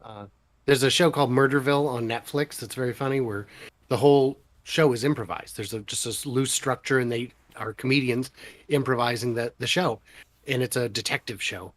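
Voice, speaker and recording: A man's voice: medium pitch, brisk. A man co-hosting a casual podcast, chatting with wry, joking asides. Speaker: co-host.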